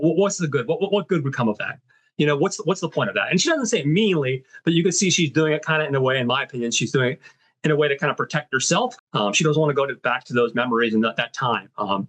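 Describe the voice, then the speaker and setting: A man hosting a film podcast, casually retelling a movie's story with many fillers and quick voiced quotes of the characters. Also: medium pitch, fairly bright tone. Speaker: podcast host.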